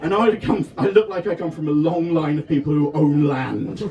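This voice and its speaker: A man in his thirties from Devon performing a self-deprecating stand-up set at a festival tent, often shouting his punchlines. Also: a little high, recorded from a distance, lo-fi sound. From England (Devon). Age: 30s. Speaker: stand-up comedian. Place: festival tent with a live audience.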